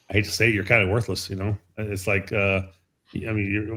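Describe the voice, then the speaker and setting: A middle-aged man with a lowish voice talks loosely on a live stream. He stumbles and restarts, filling gaps with "you know" and "uh". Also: fairly bright tone. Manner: halting, many fillers and repeated words. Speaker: guest speaking for an amateur radio event. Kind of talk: casual panel talk on a live stream.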